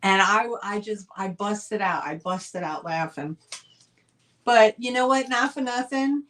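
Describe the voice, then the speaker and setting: Unhurried and fairly bright in tone, this mid-range female voice comes through a low-quality recording. She's a northern U.S. woman running a live sale online, chatting casually and enthusing directly to her audience.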